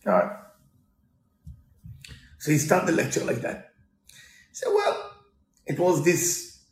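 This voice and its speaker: A man teaches a Torah lesson through a story, in animated, broken English peppered with Hebrew quotes. His voice is gravelly, with lively pitch swings. The room gives a noticeable echo. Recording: roomy echo.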